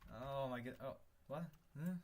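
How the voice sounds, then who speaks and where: Young man muttering through a slow livestream. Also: medium pitch, a little mellow, slight background noise. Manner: thinks aloud, mutters, swears, exasperated then laughing. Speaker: conlang streamer. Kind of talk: casual live-stream muttering while working.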